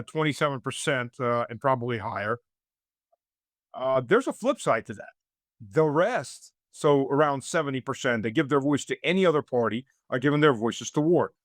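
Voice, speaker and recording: A man's voice: medium pitch, dry recording, studio quality. A man raised in the United States, a guest giving political commentary in an interview, talking in long rambling runs full of fillers and restarts, with a sarcastic edge.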